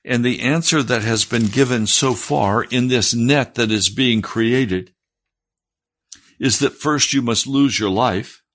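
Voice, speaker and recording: A man preaches with a breathy, husky voice, reading scripture and then explaining it. His delivery is earnest and often climbs into fervent emphasis. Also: mid-range voice, slow, a bit bright. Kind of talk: sermon.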